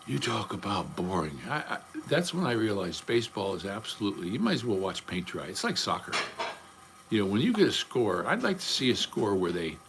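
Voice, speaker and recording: A man's voice: on the low side, very animated, brisk, gravelly, background noise. An older man chatting casually on a livestream, rambling from topic to topic in a blunt, profane way. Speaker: livestream host.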